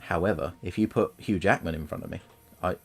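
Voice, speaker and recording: A man's voice: sits low, brisk, creaky, husky. A man, chatting casually and jokingly while streaming himself painting miniatures. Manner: chatty, jokey, rambling. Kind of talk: casual chat.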